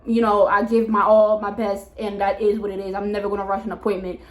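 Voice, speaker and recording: A woman in her twenties, a hairstylist, telling a casual storytime vlog in a chatty, animated way with lots of fillers. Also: medium pitch, quick pace. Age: 20s. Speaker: hairstylist and vlogger. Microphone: camera mic.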